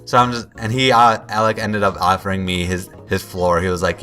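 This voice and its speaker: A man's voice: sits low, level tone, brisk, pushed and bright, faint music behind. A young man telling a rambling story while commenting on a game, often stopping to restart his sentences and quoting himself. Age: young adult. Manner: rambling, self-interrupting, quotes himself. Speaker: gameplay commentator. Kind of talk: casual storytelling over gameplay.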